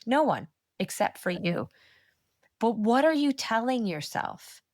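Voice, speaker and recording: A woman, a manifestation coach speaking as a podcast guest, telling stories in a lively, blunt and encouraging way with lots of "like". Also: a little high, no room sound, studio quality. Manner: animated storyteller, quick asides with frequent "like". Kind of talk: casual podcast interview chat.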